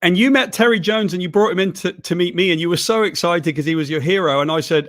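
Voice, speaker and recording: A middle-aged man from Wales, reminiscing in a chatty, animated way in a casual video chat. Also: high-pitched, fast. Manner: chatty, animated, laughs while telling. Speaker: comics writer, co-host.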